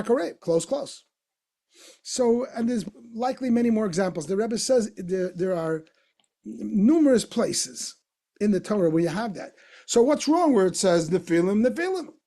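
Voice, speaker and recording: Rabbi guy giving a torah class, kinda raspy, keeps asking why and repeating stuff for emphasis. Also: high voice, a little mellow. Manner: explanatory, questioning, repeats for emphasis. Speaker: rabbi teaching a text class. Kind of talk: Torah lesson lecture.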